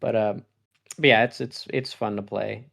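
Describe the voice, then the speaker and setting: A man's voice: fairly low pitch, fairly even intonation, normal speed, vocal fry, a bit bright. A young man co-hosting a gaming podcast, chatting casually in a rambling way, laughing often and acting out his own reactions. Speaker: podcast co-host.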